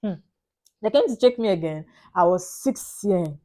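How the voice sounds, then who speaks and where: Woman, Nigerian accent, young adult, casual vlog, animated retelling, dramatic. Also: medium pitch, moderate pace. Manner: animated, dramatic retelling with Pidgin and Yoruba asides. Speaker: vlogger.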